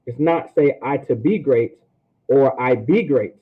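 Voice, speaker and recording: A man's voice: medium pitch, a little slow, slightly rough. A man teaching a class in a casual, conversational way, often checking in with "all right?", with an African American English accent. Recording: tinny phone-like sound.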